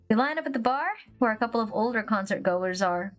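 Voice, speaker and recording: A woman's voice: on the high side, animated, a little fast, soft background music. A woman streamer reading a dating game aloud, chatty and joking with a self-conscious streak.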